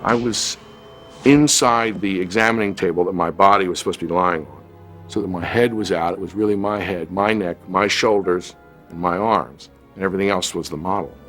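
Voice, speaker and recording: Deep-voiced man reminiscing about a film shoot. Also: a bit bright. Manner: reflective, measured with hesitant restarts. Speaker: actor. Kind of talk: interview recollection. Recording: light music underneath.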